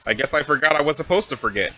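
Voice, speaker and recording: A man's voice: a little high, expressive, very fast, pushed and bright, dull audio, heavily acted. A man voicing a smug, playful teenage alien troll girl in a webcomic reading, with a teasing, sing-song manner. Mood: eager. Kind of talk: reading a webcomic aloud with voices.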